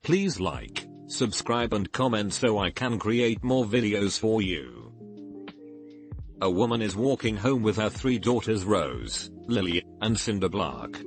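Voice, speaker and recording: A man with a fairly low voice reads forum posts aloud in an even, literal manner. Faint music plays underneath him. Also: a little slow. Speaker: narrator.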